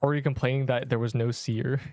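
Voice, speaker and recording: A man's mid-range, slightly mellow voice with fairly even intonation and moderate pace carries his live game stream. He chats playfully with viewers, reacts to chat, and mocks himself.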